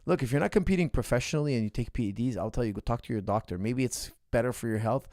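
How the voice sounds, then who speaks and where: A man's voice: medium pitch, quick pace, a little mellow, dry recording, studio quality. A man in his forties, a coach, talking casually to a live stream audience and repeating his points for emphasis. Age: 40s. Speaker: coach answering viewer questions.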